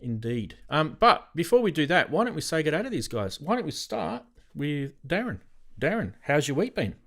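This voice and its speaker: A man's voice: on the high side, very animated, normal speed, a bit bright. A man hosting a casual podcast chat, upbeat and chatty, handing the turn to each guest. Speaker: podcast host.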